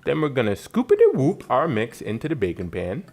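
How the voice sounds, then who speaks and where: A man's voice: mid-range voice, wildly swooping pitch, a little fast, a little mellow, faint music behind. A man from New York narrating a cooking tutorial with wry, joking asides. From New York, United States. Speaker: cooking channel host.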